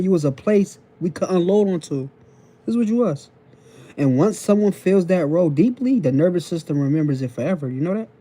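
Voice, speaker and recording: A man's voice: a little high, mellow. A man hosting a phone live stream, lecturing viewers in casual slang and repeating each point while checking in with them. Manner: repetitive, preachy, keeps checking in with the audience. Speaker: TikTok live host.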